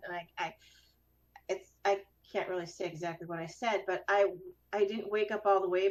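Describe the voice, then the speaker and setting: A woman hosting a casual chat show, telling a story and acting out the voices in it. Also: medium pitch. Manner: animated storyteller, acts out quoted voices. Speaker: host. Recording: dull lo-fi sound.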